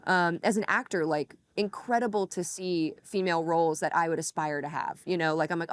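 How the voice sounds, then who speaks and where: A woman co-hosting a podcast in a casual chat, lively and steering the talk, with casual swearing. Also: on the low side, brisk, hardly any pauses, dry recording. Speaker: podcast co-host.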